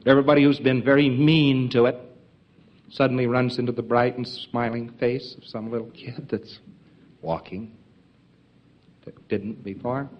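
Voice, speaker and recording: A man's voice: medium pitch, fairly even intonation, normal speed, pauses often. Folksy male lecturer on dull old tape. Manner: folksy, emphatic, joking asides. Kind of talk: informal lecture to trainees.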